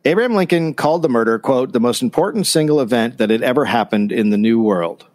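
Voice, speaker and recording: A man's voice: medium pitch, expressive, fast, darkish tone. A man co-hosting a comedy history podcast, reading from notes and adding dry, sarcastic asides. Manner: reads notes, then riffs with dry sarcasm.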